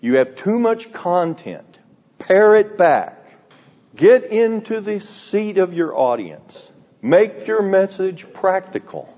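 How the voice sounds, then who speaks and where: A man in his sixties preaching an expository sermon, emphatic, swinging from loud stresses to quiet asides. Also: mid-range voice. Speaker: pastor. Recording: dull sound with long hall reverb.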